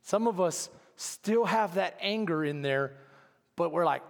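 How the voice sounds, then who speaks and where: A male pastor preaching a sermon, dramatic, swinging from hushed asides to shouted lines. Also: sits high, expressive, a little slow, creaky, long reverb tail.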